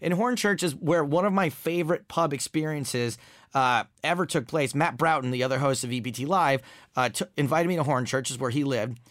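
A man's voice: a little high, fairly quick, fairly bright tone, dry recording, clean studio sound. An American man co-hosting a casual podcast, telling crude, self-mocking anecdotes with lots of animation. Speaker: podcast co-host.

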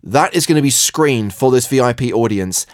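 A man's voice: mid-range voice, expressive, moderate pace, no room sound. Dry-voiced man co-hosting a podcast. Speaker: podcast co-host. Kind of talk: casual chat.

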